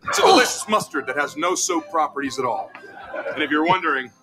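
An actor playing a smug, deadpan TV spokesman in a spoof ad, speaking with a smooth, confident pitch. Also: fast talker. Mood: deadpan salesy. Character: smug male ham-selling TV pitchman, deadpan. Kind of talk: comedy sketch ad read. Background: music under the ad.

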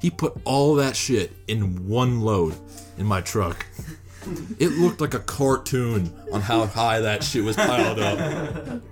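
A man's voice: lowish voice, lively intonation, slow, soft background music. A young man, a rapper guesting on a podcast, telling a story in casual, profane speech and acting out other people's lines.

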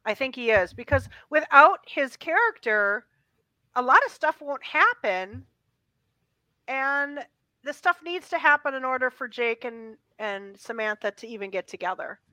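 A woman co-hosting a casual chat about a movie, animated, laughing often and acting out quotes. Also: high-pitched, a little slow, no echo. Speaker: podcast co-host.

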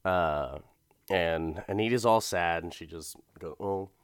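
A man's voice: low-pitched, a little slow, smooth, dry recording, clean studio sound. A young adult man recapping an episode in a rambling, profane, laughing way.

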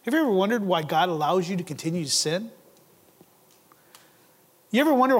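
A high-pitched man preaches a sermon with earnest conviction. He stumbles over his openings, doubling words, and he presses his listeners with rhetorical questions. His voice rings out with a long reverb, as in a large church sanctuary. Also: animated, normal speed, long pauses. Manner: earnest, asks rhetorical questions, repeats words when starting a phrase. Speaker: pastor.

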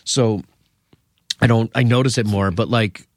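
A man's voice: on the low side, steady tone, unhurried, no room sound, studio quality. A man in his thirties chatting as a podcast guest, nervous and self-deprecating, with lots of stammered restarts. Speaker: guest comedian. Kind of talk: casual podcast chat.

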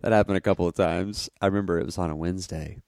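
A man's voice: low voice, fairly even intonation, very fast, vocal fry, darkish tone, no room sound, clean studio sound. Rambling podcast co-host, man. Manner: rambling, laughs while telling stories. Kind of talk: casual chat.

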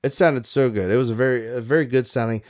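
A man's voice: medium pitch, fast, darkish tone. A man co-hosting a podcast, chatting enthusiastically and swearing casually. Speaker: podcast co-host. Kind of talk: casual chat.

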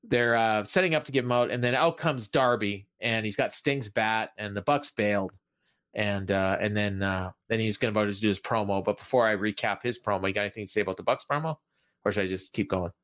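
With a fairly low, slightly bright voice and a fairly quick pace, this man co-hosts a podcast. He gives long wrestling recaps in a casual chat, acting out quoted lines by raising his voice.

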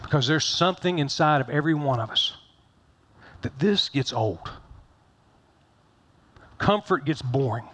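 A man's voice: on the high side, animated, unhurried, long pauses, a bit bright. A middle-aged man pastor giving a conversational sermon, folksy and joking, repeating phrases for emphasis.

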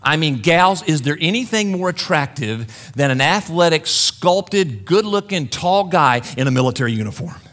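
A male preacher with a high, bright voice that swings widely in pitch as he tells the story. He talks in an animated way and turns often to the congregation with playful asides. His delivery has the lively give-and-take of a sermon. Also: moderate pace, hardly any pauses.

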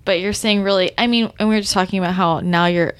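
A woman's voice: mid-range voice, steady tone, fast talker, clear, resonant tone. A woman hosting a casual podcast conversation, asking curious questions with lots of "like" and brief agreeing sounds.

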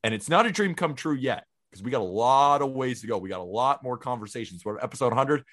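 A man's voice: mid-range voice, animated, fast talker, fairly bright tone. A man in his twenties co-hosting a podcast, talking in an eager, heartfelt way. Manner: enthusiastic, heartfelt. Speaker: podcast co-host. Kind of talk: casual chat.

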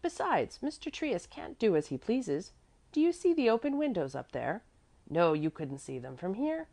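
A woman's voice: medium pitch, very animated, moderate pace, dark tone, voice pushed up. A woman reading aloud and voicing a fussy, devoted older woman servant who speaks earnestly and emphatically. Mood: fretful.

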